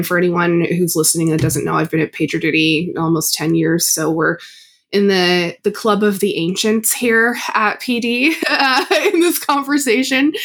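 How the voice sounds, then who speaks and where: A woman's voice: medium pitch, breathy edge. A woman in her thirties hosting a podcast, chatting in a friendly, casual way and laughing often. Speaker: podcast host. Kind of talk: casual interview chat.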